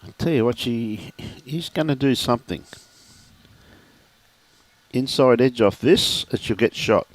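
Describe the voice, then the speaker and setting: A man's voice: mid-range voice, measured pace, long pauses. A man giving live lawn bowls commentary, chatty and joking, often calling people "mate".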